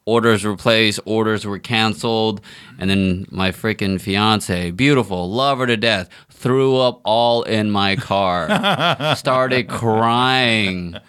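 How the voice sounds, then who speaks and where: A man chatting casually on a podcast, telling animated stories and acting out the people in them. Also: fairly low pitch, unhurried, clear, resonant tone. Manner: animated storyteller, acts out quotes. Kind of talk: casual chat.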